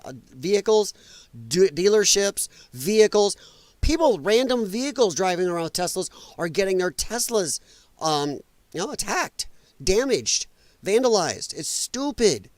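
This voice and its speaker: Animated, exasperated male political ranter. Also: high voice, no echo. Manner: exasperated, mocking and profane. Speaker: political commentary host. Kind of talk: live solo political rant.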